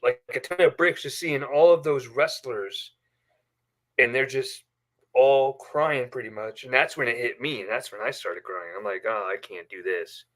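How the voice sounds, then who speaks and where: A man's voice: mid-range voice, normal speed, fairly bright tone. Male stream host, chatty and rambling, recorded at home. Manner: rambling storyteller with many fillers. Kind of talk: casual live stream chat. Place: bedroom at home.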